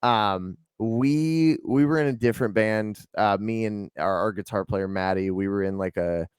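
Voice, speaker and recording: A man's voice: on the low side, moderate pace, smooth, no room sound, clean studio sound. A man from Atlanta, a band's lead singer, chatting casually in an interview with a rambling, laid-back way of talking full of ums and likes. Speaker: lead singer and band guest.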